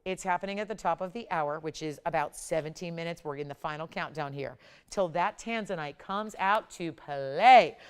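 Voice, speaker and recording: Speaking at a moderate pace in a smooth, fairly low voice, this woman runs a live jewelry sales show on a shopping channel, pushing products with upbeat energy.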